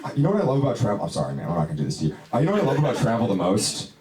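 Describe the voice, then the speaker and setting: A man's voice: fairly low pitch, huge pitch swings, racing. A young man doing a stand-up comedy set in a small lounge, rambling in a laid-back way with plenty of "dude" and "you know". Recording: echoey club, distant mic, loud crowd.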